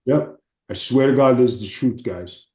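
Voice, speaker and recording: A man, a former wrestler, telling profane, animated stories as an interview guest. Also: medium pitch, moderate pace, echoey room. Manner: animated, profane storytelling with acted quotes. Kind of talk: casual storytelling.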